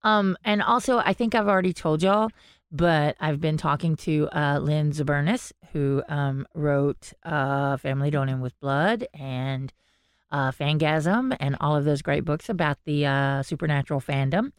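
A woman's voice: sits low, unhurried, clear, resonant tone, no echo, clean studio sound. A woman podcast co-host, chatting casually and acting out the voices of people in her stories. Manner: animated storytelling, acting out quotes.

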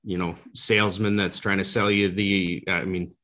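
A man's voice: low voice, little pitch movement, moderate pace, sharp tone. A man as an interview guest, talking earnestly with frequent restarts. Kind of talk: interview conversation.

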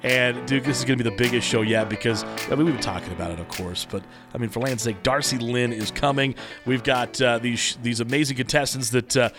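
A man chats on a podcast in a loose, rambling way, full of "uh"s and restarts. His voice sits at an ordinary middle pitch. Faint music plays underneath. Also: steady tone, brisk. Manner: rambling, teasing, many fillers and restarts. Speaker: podcast co-host and competition organizer. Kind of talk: casual podcast chat.

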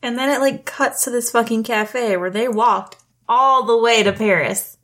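A young adult woman co-hosts a podcast and recaps a movie in relaxed chat. She swears offhandedly and slips into the characters' lines as she retells the plot. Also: fairly high pitch, moderate pace. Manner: chatty, swears casually, acts out characters' lines. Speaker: podcast co-host.

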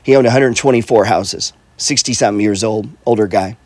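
A man's voice: on the low side, a little fast, darkish tone, no echo. Blunt, swearing man talking money. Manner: blunt, profane, repeats himself, says "right?" and "bro". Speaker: real estate investor and coach. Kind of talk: casual motivational talk.

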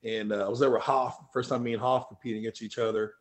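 A man telling stories as a powerlifting guest in a casual interview, animated and swearing freely. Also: medium pitch, quick pace. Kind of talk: casual storytelling.

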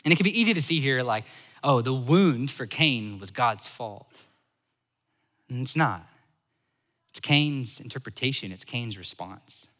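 A man preaching a sermon as a pastor, animated, switching between loud emphasis and soft asides. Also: medium pitch, a little slow, pauses often, big-room sound.

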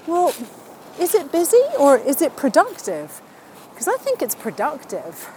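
A woman's voice: high-pitched, sing-song, measured pace, dark tone, slight background noise, low-quality recording. A woman answering interview questions in a casual, upbeat and chatty way, laughing now and then at her own wordplay. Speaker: interviewee sharing wellbeing tips.

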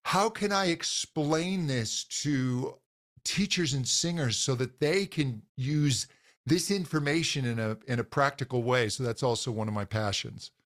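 A man, a voice teacher, talking in a relaxed interview, earnest and enthusiastic, with frequent fillers and restarts. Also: medium pitch, measured pace. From grew up in a Scottish household. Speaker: voice teacher, podcast guest. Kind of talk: casual interview talk.

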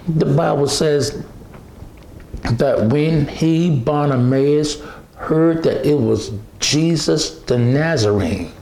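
A man preaching a sermon, slow and emphatic, repeating phrases and restarting often. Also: fairly high pitch, darkish tone, reverberant.

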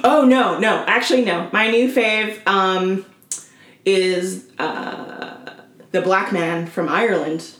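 A woman co-hosting a casual chat podcast, playful and quick to laugh, often acting out what she said or thought in mock voices. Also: mid-range voice, fairly bright tone. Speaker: podcast co-host. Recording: roomy echo.

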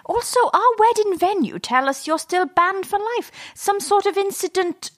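A woman's voice: very high voice, expressive, normal speed, a bit bright. A woman playing a prim bride-to-be who is bluntly rude.

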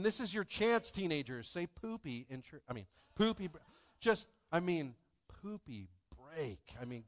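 A man in his thirties preaches a sermon in a church, his voice at an everyday middle pitch. He cracks jokes and throws playful asides to the congregation. He swings between loud bursts and soft, quiet asides. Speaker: pastor. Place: church sanctuary.

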